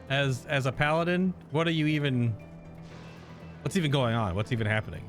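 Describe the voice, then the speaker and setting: A man's voice: medium pitch, brisk, soft background music. A man streaming a video game, giving a casual, rambling reaction commentary as he plays and laughing often.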